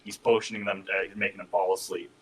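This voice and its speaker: A man's voice: low-pitched, level tone, quick pace, husky, poor audio. A man playing a tabletop game, talking eagerly in casual chat. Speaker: player.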